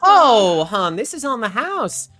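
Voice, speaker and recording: A woman's voice: a little high, sing-song, slow, fairly bright tone, faint music behind, pitched above the performer's own voice, full character voice. Woman playing a folksy, doting diner owner. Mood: teasing. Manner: drawling, calls everyone sweetie and hon.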